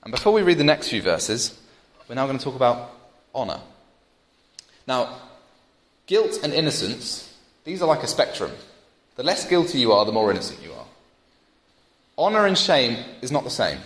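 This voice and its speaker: A man's voice: mid-range voice, moderate pace, pauses often. Young guy preaching, tells stories, gets all fired up, big roomy church echo. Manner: storytelling, animated, builds to emphatic peaks. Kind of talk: sermon. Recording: roomy church hall with long reverb.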